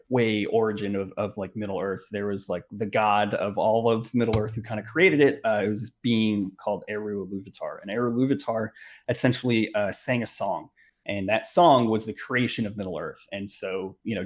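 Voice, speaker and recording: A man, a podcast guest, talking in a relaxed way and explaining film background with many fillers. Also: fairly low pitch. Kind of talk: casual movie discussion.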